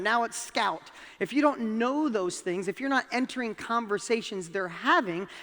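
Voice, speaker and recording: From a stage in a large hall, a motivational speaker addresses a live audience in a high, bright, forceful voice. He tells animated stories and puts questions directly to the crowd, and the recording carries a long hall reverb.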